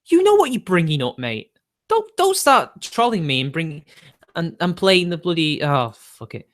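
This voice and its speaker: A man live-streaming and answering his chat in a rambling way, quickly getting riled and swearing. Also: a little high, big pitch swings, fairly bright tone.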